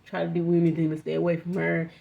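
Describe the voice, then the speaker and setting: Speaking fast in a lowish voice with vocal fry and a completely flat delivery, a young woman tells a personal story on a storytime vlog. Her telling is candid, meandering, and full of swearing and fillers, captured in dull lo-fi sound.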